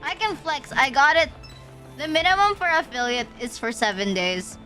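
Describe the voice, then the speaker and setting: A woman's voice: high voice, sing-song, normal speed, sharp tone, faint music behind. A young woman streamer from the Philippines, rambling through a story in casual chat, swearing often and saying "like" a lot. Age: young adult.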